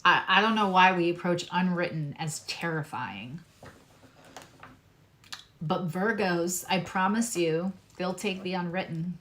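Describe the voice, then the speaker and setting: A woman's voice: on the low side, measured pace, fairly bright tone, slight background noise. A woman astrologer giving a casual, earnest tarot reading, speaking straight to her viewers in a reassuring way.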